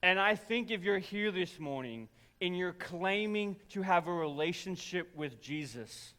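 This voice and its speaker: A young man preaching a sermon, telling personal stories in an animated, self-deprecating way to his congregation. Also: sits high, measured pace. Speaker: pastor. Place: large church auditorium. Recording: church hall with long reverb.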